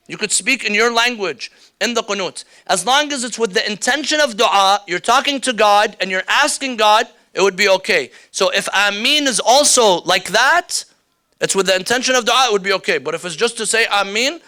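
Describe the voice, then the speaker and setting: A man's voice: high voice, pushed and bright, smooth. A man teaching a workshop on prayer rules, explaining step by step and repeating the key rulings. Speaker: religious teacher. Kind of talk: workshop lecture. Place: indoor hall or classroom with slides.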